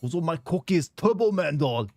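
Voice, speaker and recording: A man putting on the voice of a musclebound action-movie hero, shouting drawn-out catchphrases. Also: on the high side, animated, no room sound, soft background music, pitched above the performer's own voice. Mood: bellowing.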